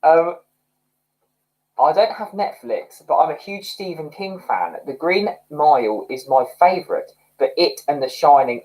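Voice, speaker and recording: Chatty higher-voiced man on a livestream. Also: a little slow, darkish tone, rough recording. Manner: chatty, rambling, reacting to viewer comments. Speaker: livestream host. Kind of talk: casual livestream chat.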